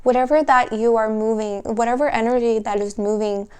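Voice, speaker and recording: A woman with a fairly high, smooth and clear voice gives a tarot reading. She speaks softly and slowly in a dreamy, searching way, often trailing off and restarting. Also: steady tone. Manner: emotional, at times laughing through tears. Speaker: tarot reader.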